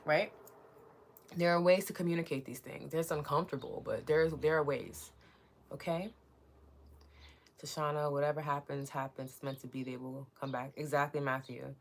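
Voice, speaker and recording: A woman's voice: low-pitched, fairly even intonation, normal speed. A woman hosting a live podcast, reading viewer comments aloud in casual chat, candid and mildly profane, laughing often and asking "right?".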